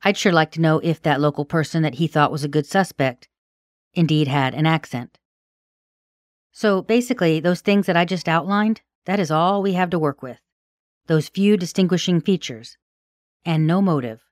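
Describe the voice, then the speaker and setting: Low-voiced woman narrating true crime. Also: no room sound, studio quality. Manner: measured, analytical, sharing personal opinions. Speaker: podcast host and case researcher.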